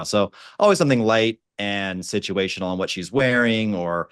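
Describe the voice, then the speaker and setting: A man's voice: lowish voice, animated, moderate pace, hardly any pauses, a bit bright, clear, resonant tone, no room sound, clean studio sound. A man, a dating coach on a panel, talking in a light, playful way. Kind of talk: panel discussion.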